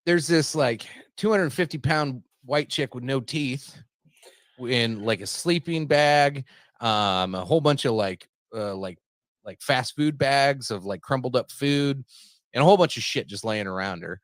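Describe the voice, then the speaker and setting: A man's voice: mid-range voice, lively intonation, normal speed, no echo. A man hosting a podcast, telling a long story in a casual, rambling, profane way and laughing at his own jokes. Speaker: podcast host.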